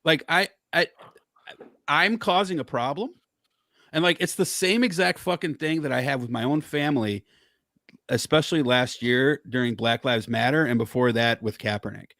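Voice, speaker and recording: Man guest, mid pitch, dry sound, fired-up storyteller swearing freely. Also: moderate pace, a bit bright, no echo. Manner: heated, profane storytelling. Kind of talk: casual chat.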